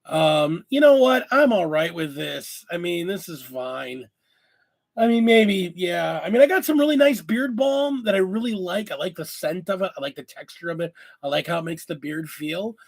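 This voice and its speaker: A man's voice: high-pitched, lively intonation, moderate pace. A man hosting a casual video chat, tired and coughing after an illness, rambling candidly and swearing now and then. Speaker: host.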